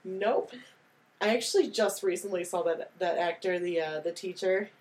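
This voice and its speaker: A woman's voice: fairly low pitch, brisk, a little mellow, slight background noise. A young woman co-hosting a podcast, chatting casually while they watch a movie, laughing often and acting out lines as she quotes them. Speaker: podcast co-host.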